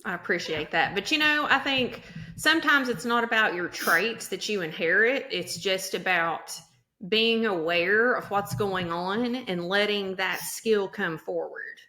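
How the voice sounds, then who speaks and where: A woman in her forties with an Arkansas Southern accent and drawn-out vowels, hosting a casual podcast chat. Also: medium pitch, pushed and bright. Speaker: podcast host.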